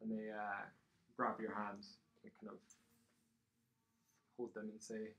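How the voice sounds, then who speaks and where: A man narrating as game master of a tabletop game, pausing often with ums and uhs. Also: fairly low pitch, flat delivery, fairly bright tone, rough recording. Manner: hesitant, many ums and uhs.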